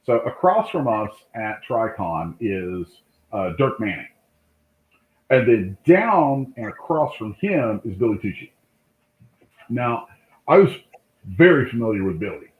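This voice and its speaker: A man, a comic book artist, telling lively anecdotes in a casual interview, acting out the voices of people in his stories. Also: on the low side, a little slow, long pauses. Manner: animated anecdote-telling, acts out quoted voices. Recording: tinny call line in an echoey room.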